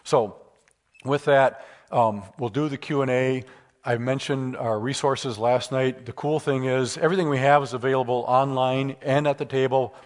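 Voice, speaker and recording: A man's voice: medium pitch, steady tone, normal speed. A man giving a public lecture with Q and A, conversational and emphatic, moving into stories. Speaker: guest speaker.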